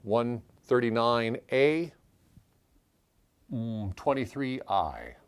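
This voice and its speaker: A man hosting a puzzle channel, thinking aloud as he calls out letters and clue numbers in a measured solve-along walkthrough. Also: medium pitch, lively intonation, smooth. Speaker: puzzle-solving channel host.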